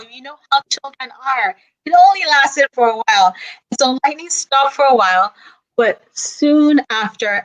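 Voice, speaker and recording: Slow-paced, playful female storyteller. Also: fairly high pitch, low-quality recording. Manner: playful, engaging the listener with call-and-response. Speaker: children's book author and guest. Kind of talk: telling a folktale aloud.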